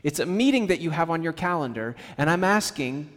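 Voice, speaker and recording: A man preaching a sermon to his congregation in a conversational, animated way, acting out little quotes as he goes. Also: a little high, a little fast. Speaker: pastor. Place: church sanctuary. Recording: church hall with long reverb.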